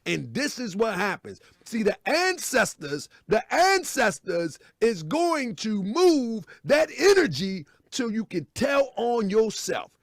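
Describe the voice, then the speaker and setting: A man talks over a video clip in a high voice that swoops up and down a lot. He laughs and mocks the person on screen, and the sound is dry and close. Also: takes it slowly, hardly any pauses, no echo. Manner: animated, laughing, mocking. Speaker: commentator. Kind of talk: casual commentary on a video clip.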